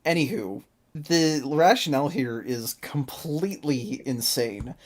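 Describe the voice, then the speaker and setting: Podcast host, mid pitch, casual review chat, quick to exasperated outbursts. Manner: animated, exasperated, laughs often.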